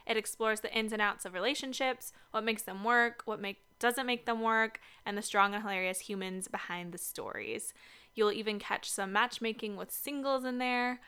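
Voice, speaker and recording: A woman's voice: on the high side, moderate pace, bright, forceful tone, clean tone. A young woman co-hosting a casual podcast from a basement home studio, upbeat and chatty. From Seattle area. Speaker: podcast co-host. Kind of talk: casual chat.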